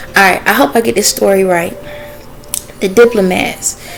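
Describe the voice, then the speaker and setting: A woman's voice: mid-range voice, steady tone, normal speed, creaky, faint music behind, rough recording. A woman talking casually in a vlog, relaying messages she says come from spirits and stopping to ask them yes-or-no questions. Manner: chatty with frequent fillers and laughter. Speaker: spiritual messenger vlogger.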